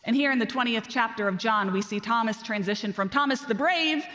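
A woman preaching a sermon, telling self-deprecating stories in an animated way. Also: on the high side, a little fast. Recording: reverberant hall.

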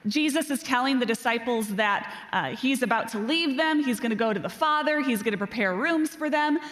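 Woman preacher giving a sermon, kinda high voice, animated and self-deprecating, long echo like a big hall. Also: brisk. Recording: reverberant hall.

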